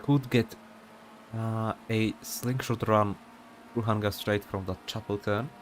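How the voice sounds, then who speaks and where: A young man calls an online sim race in a loose, chatty, rambling way, full of fillers and side remarks. His voice sits on the lower side. A faint hum runs underneath. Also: fairly even intonation, slow pace. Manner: casual, rambling, many fillers and asides. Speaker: sim racing commentator. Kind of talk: live race commentary.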